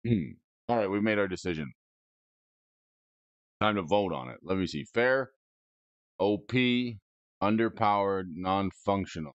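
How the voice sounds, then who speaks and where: A man's voice: on the low side, a little slow, pauses often, dry recording. A man hosting a casual stream, rating game cards aloud with playful, goofy asides and silly wordplay. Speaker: host. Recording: dry, dull lo-fi mic.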